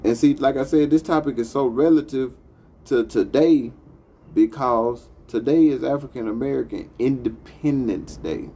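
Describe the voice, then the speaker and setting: A man's voice: medium pitch, normal speed, creaky, dark tone, husky. A man hosting a talk show, delivering a profane, impassioned monologue. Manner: profane, heated, emphatic. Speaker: podcast host.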